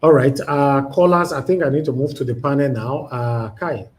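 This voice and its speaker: A man's voice: medium pitch, moderate pace, a crowd in the background. A Nigerian man hosting a live call-in show, thanking and greeting callers with short courteous lines. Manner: brief, courteous acknowledgments. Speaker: host.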